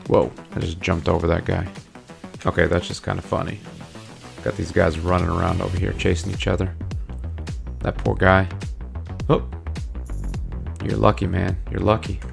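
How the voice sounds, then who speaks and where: A man's voice: sits low, level tone, moderate pace, creaky, long pauses. A man giving casual let's play commentary in a chatty way, often talking to characters in the game. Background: faint background music.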